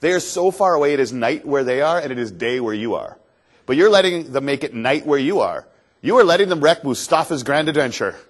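A cheery, wise desert tour guide speaks in an earnest, patient way, as a male speaker voices him. He explains his view of life calmly, at an ordinary middle pitch for a man. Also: a little fast, natural voice.

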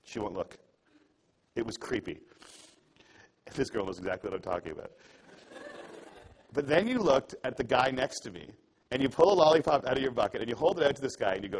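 A man's voice: medium pitch, very animated, fairly quick, long pauses, slightly rough, poor audio. A young adult man giving an earnest, conversational talk to an audience, telling a story and acting out the dialogue in it. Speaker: public speaker.

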